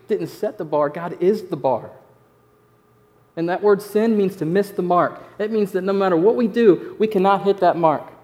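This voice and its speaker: Emphatic preacher with a higher voice. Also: male voice, darkish tone. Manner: conversational and emphatic, repeating key phrases. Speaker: pastor. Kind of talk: sermon.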